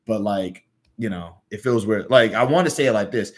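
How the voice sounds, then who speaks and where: A man's voice: fairly low pitch, moderate pace. A man with a Southern US accent talking casually and hesitantly between reading lines. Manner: hesitant, filler-heavy. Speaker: amateur reader. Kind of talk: casual aside while reading aloud.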